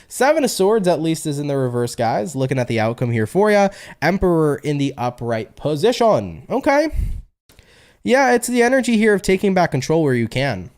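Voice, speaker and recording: Lively, chatty man reading tarot. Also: a little high. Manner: animated, chatty, reads audience comments aloud. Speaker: tarot reader. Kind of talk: live-stream tarot reading.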